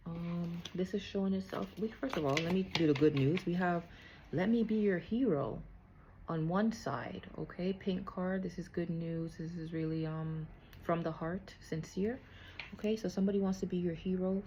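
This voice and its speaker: This psychic card reader, a woman with a lowish, dark-toned voice, keeps her spiritual reading casual and chatty. She asks "okay?" after nearly each thought, and a bit of hiss or hum sits under the audio.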